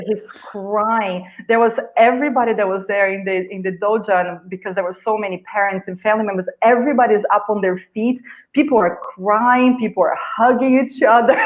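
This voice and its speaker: A woman, a guest healer, telling an animated story over a video call and acting out sounds and gestures. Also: medium pitch, phone-quality sound. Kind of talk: storytelling in a live video chat.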